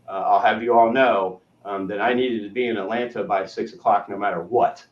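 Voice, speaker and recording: Low-voiced man rambling through a story, roomy and distant. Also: steady tone, a little fast. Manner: rambling, trailing off to a murmur. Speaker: co-host. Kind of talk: casual storytelling. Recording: roomy, distant, dull lo-fi sound.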